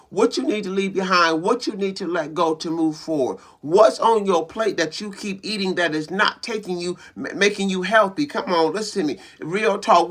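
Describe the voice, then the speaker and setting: A man's voice: high voice, fairly bright tone. A man preaching an emphatic motivational sermon, repeating phrases and building intensity. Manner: repetitive, emphatic, call-and-response preaching.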